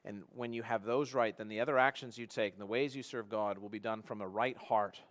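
A man preaching a sermon in an earnest tone, swinging between loud emphasis and quiet, hushed passages. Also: lowish voice, steady tone, brisk. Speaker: pastor.

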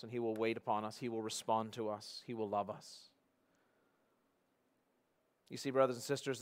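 An earnest male pastor delivers a sermon at a middle pitch. He climbs to loud, emphatic peaks, then drops to near-hushed tones as he presses his points home. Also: smooth.

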